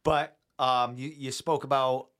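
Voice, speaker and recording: Male podcast host, Rhode Island accent, bright, joking banter. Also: mid-range voice, fairly even intonation, unhurried. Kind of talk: casual chat.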